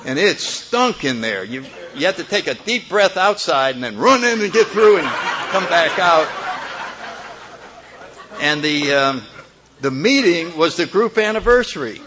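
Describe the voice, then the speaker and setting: A man's voice: on the high side, sing-song, measured pace, noisy background. An older man telling a humorous personal story as a speaker at a recovery meeting, often chuckling as he talks.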